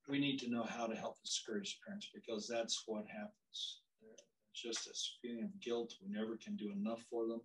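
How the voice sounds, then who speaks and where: Older guy teaching church counseling, low voice, kinda far from the mic, chatty with lots of restarts. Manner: warm conversational storytelling with many restarts. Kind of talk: church class teaching with anecdotes. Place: church classroom.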